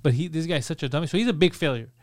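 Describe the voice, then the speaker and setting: A man's voice: on the high side, rapid-fire, a little mellow, dry recording, studio quality. A man co-hosting a podcast in casual chat, blunt and teasing, swearing as he tells a story about a relative. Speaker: podcast co-host.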